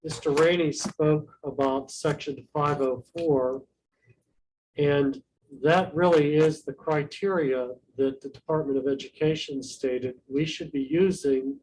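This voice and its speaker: A man, a school official at a board meeting, answering questions in a measured, hesitant way with many pauses and ums. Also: on the high side, fairly even intonation, darkish tone, far from the mic, slight background noise, rough recording. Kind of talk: meeting remarks.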